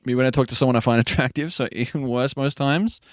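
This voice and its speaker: A man's voice: medium pitch, fast talker, no echo, clean studio sound. A man chatting casually on a live stream, rambling and joking, with frequent swearing. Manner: rambling, jokey, swears often.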